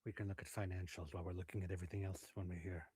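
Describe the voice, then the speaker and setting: A man playing a tabletop role-playing game, talking in a measured, calm way. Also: sits low, slightly rough. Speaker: player. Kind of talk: in-character tabletop play.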